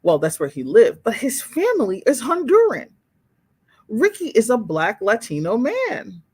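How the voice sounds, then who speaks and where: A woman's voice: fairly high pitch, unhurried, breathy edge. A woman hosting a livestream in casual chat, speaking candidly and expressively to viewers as she reads their comments. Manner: candid and expressive, exclaims and laughs, talks straight to viewers.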